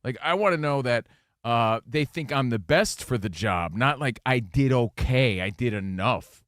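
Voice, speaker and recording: A man's voice: medium pitch, unhurried, dry recording, clean studio sound. A young adult man co-hosting a sports talk radio show, ranting emphatically in casual banter and acting out quotes. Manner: animated, emphatic ranting, acts out quotes in voices.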